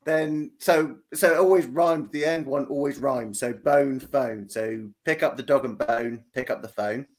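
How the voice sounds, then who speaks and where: Guy on a podcast, mid pitch, explains slow with lots of ums. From England. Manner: hesitant, explains slowly with fillers. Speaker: podcast guest. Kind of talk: casual podcast chat.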